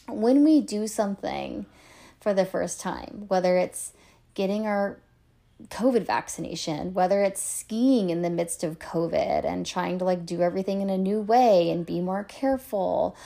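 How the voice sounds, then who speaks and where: A woman's voice: medium pitch, vocal fry, warm tone. A woman in her thirties hosting a podcast, telling stories in a chatty, self-deprecating way with lots of fillers. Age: 30s. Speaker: podcast host and coach. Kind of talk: casual chat.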